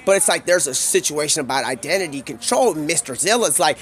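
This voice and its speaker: A man's voice: fairly high pitch, lively intonation, fairly bright tone, slight background noise. Man rambling through a wild improvised tale. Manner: quick voice shifts for quoted characters. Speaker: streamer.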